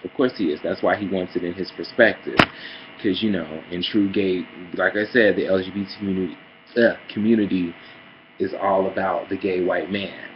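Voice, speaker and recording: A man ranting sassily in a casual vlog, calling listeners girl and honey, heated and swinging between mutters and loud outbursts. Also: low-pitched, steady tone, moderate pace, dull audio, background noise. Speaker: vlogger. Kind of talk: casual opinion rant.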